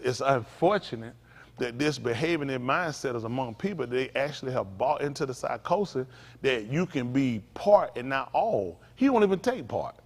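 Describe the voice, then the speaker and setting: A man preaching a conversational sermon to his congregation, with frequent asides to the room. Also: medium pitch. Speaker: pastor. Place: synagogue sanctuary. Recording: long hall reverb.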